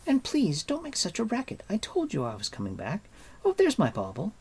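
A man putting on a high, teasing young girl. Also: wildly swooping pitch, breathy edge, heavily acted. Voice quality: high, bright, scolding. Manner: quick, teasing and impatient. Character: chatty, mischievous young girl with a magic bauble. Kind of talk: audiobook character voice.

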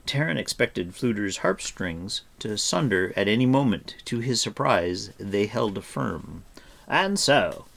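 A man narrating a storybook with an expressive reading. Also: fairly low pitch, unhurried, vocal fry, hardly any pauses.

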